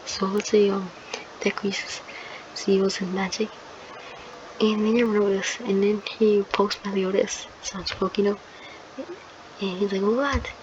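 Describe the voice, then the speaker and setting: A woman's voice: mid-range voice, a little slow, long pauses. A woman hosting her channel, improvising a fan-fiction story in a rambling, hesitant way as she searches for words. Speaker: channel host. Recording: dull lo-fi recording with steady noise.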